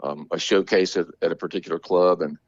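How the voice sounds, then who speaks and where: A man from Alabama, a drummer telling stories in a casual interview, animated, slangy and quick to laugh. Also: sits low, muffled recording. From Montgomery, Alabama. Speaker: guest musician, drummer.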